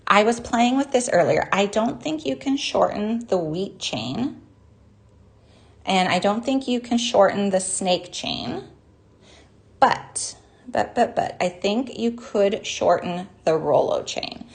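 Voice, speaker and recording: A woman hosting a live jewelry-making class, chatty and bubbly, greeting viewers by name, with a naturally high voice. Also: animated, slow. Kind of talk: live online craft demonstration.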